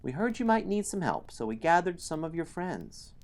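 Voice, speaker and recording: A man voicing a small gnome leader with a high-pitched voice and a loud, rallying manner. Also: sing-song, normal speed. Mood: excited.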